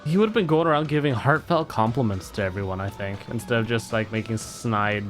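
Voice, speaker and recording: A man's voice: fairly low pitch, fairly quick, soft background music. A man streaming a video game, reading the dialogue aloud in playful voices and joking in between. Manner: animated, jokey, reads characters' lines in put-on voices.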